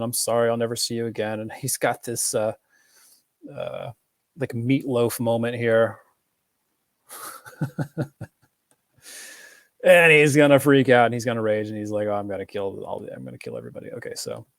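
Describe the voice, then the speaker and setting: A man's voice: mid-range voice, no echo, clean studio sound. A man giving a casual, rambling film analysis, full of fillers and restarts. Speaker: film commentator.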